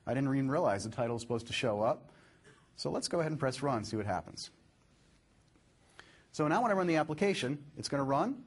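A man presenting a live software demo, upbeat and explaining step by step as he clicks through his code. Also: medium pitch, very animated, a little fast, long pauses, slightly rough.

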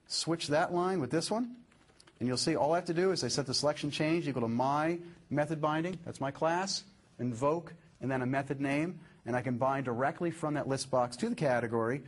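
A man presenting a live software demo, upbeat and explaining step by step as he clicks through his code. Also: fairly high pitch, normal speed.

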